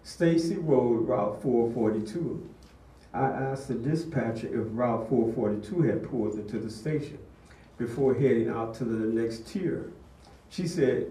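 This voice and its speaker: A man's voice: mid-range voice, measured pace, dark tone. An older man giving a sermon-style testimony, telling a story in an earnest way. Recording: echoey room, distant mic.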